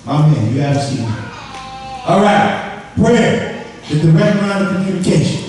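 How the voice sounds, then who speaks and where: Preacher, male, high-pitched, lively call-and-response delivery, distant mic in a big reverberant hall. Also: moderate pace, slight background noise. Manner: call-and-response preaching, acts out voices for laughs. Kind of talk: sermon. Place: large worship hall. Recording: echoey hall from far off.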